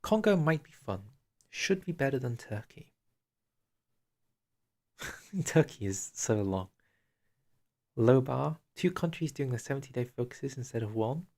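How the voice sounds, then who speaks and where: A young man giving casual live-stream commentary on a strategy game, chatty and out of breath, answering viewers with quiet asides. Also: mid-range voice, animated, unhurried, long pauses. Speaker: streamer reviewing a strategy game dev diary.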